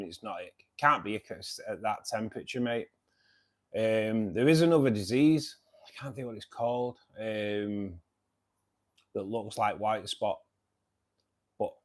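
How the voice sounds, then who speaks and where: A man hosting a casual livestream, chatting with viewers in a friendly, hesitant way, full of ums and calling people mate and buddy. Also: lowish voice. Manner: hesitant, many ums and restarts. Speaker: aquarium channel host.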